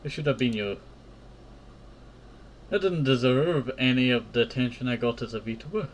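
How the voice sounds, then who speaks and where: A guilt-ridden young woman from a visual novel pleads softly through her apologies, as a man reads her lines in his own voice. Her words come out halting and hushed. A faint hum of noise sits underneath. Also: mid-range voice, natural voice. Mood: remorseful.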